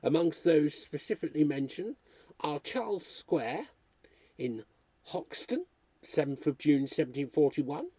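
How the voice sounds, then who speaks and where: A man with a husky voice reading a history book aloud, steadily working through dates and places. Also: fairly high pitch, sing-song, measured pace, mellow, dry recording. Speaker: reader.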